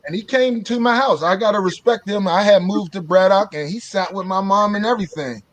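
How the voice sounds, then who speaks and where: A man's voice: high-pitched, a little fast. A middle-aged man from Pittsburgh, a former student, telling stories in casual chat and laughing often. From Pittsburgh, USA.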